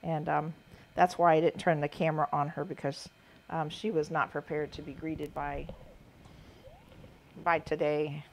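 A woman's voice: deep voice, little pitch movement, measured pace, pauses often, a little hiss or hum. Chatty woman hosting a quilting stream. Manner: chatty, laughs often, drifts off topic. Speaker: quilting show host. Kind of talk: casual livestream chat.

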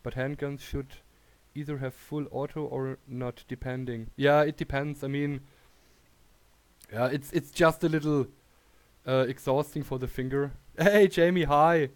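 Streaming gameplay with casual commentary, this German-native man greets his viewers and laughs a lot. He speaks at a measured pace with medium pitch and fairly even intonation.

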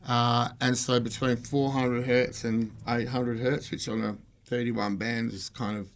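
A man's voice: mid-range voice, little pitch movement, unhurried. A man with a slightly barky voice, co-hosting a casual chat about guitars, laughing and rambling as he explains things. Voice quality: a bit barky. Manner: laughing, rambling, self-deprecating. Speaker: co-host. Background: guitar playing.

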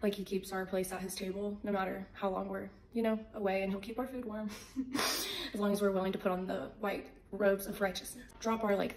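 Woman telling a faith story in an echoey room. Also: mid-range voice. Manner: animated storyteller who acts out the voices in her stories. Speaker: faith vlogger. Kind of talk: casual faith testimony.

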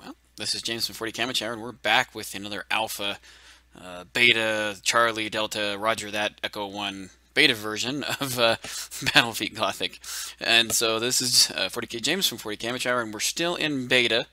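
A man's voice: lowish voice, steady tone, normal speed, bright, forceful tone, no echo. A man hosting a let's-play, thinking aloud as he plays and easily amused by what he finds. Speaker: gaming channel host. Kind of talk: let's-play game commentary. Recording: game music playing clearly behind. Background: game soundtrack music.

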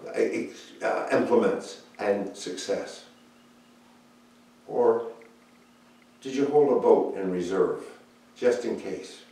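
A man teaching an adult Sunday school Bible lesson in a church room, telling the story in an unhurried, reflective way with pauses. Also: medium pitch, dark tone. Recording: very echoey room, mic far off.

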